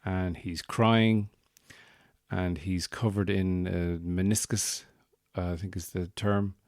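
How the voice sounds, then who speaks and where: Deep-voiced Irish man telling a comic story. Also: steady tone, slow pace, darkish tone, no room sound, studio quality. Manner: rambling, digressive, wry. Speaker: podcast host.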